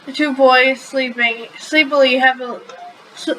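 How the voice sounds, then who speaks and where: A woman's voice: high voice, steady tone, unhurried, noisy background. A woman casually reading a fan story aloud, often stumbling and correcting herself. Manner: stumbling, self-correcting, giggly. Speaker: story reader.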